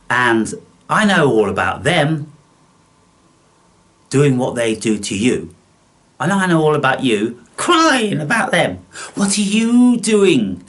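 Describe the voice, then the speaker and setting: A man ranting at his viewers with open contempt and constant swearing. His pitch swings widely, from high outbursts down to low mutters. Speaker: channel host. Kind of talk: angry monologue to camera.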